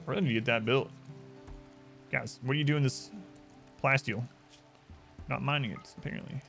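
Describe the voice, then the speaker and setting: A man's voice: mid-range voice, steady tone, moderate pace, gravelly, fairly bright tone, faint music behind. Wry male game streamer chatting to chat. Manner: rambling, wry, chatting to viewers. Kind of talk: casual live-stream commentary.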